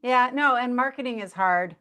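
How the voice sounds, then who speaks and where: A woman's voice: a little high, moderate pace, bright, forceful tone, clean tone. Chatty woman interviewer, full of fillers. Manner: chatty, many fillers like 'like' and 'you know'. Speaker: interviewer host. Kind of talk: casual interview chat.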